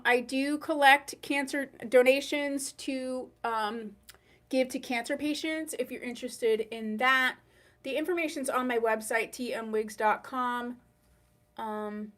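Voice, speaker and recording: A woman hosting a live online wig sale, describing products in a chatty, unhurried way. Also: sits high. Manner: chatty, unhurried, drawn-out pauses. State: hiccuping. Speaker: online wig shop host.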